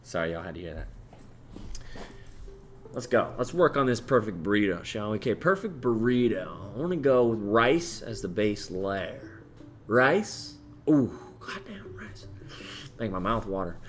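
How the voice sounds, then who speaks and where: A young man casually chatting on a live stream, reading out chat messages, joking around and swinging between low mumbles and loud excited bursts. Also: moderate pace, slight background noise.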